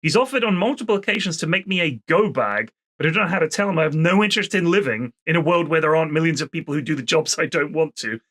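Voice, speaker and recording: Bright-voiced man reading listener mail. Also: on the high side, quick pace, few pauses. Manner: animated, reads letters aloud with comic emphasis. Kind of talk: casual podcast chat.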